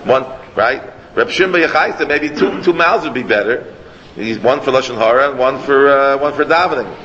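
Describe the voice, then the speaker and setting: A man teaching a Torah class as a rabbi, animated and rambling, sprinkling Hebrew and Yiddish words into his talk. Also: mid-range voice, a little fast. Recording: long hall echo, dull lo-fi, faint noise.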